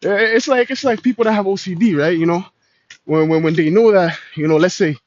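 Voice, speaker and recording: A man's voice: high-pitched, brisk, dry recording. A man preaching in a casual street style, slangy and full of "man" and "you know". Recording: dull lo-fi recording.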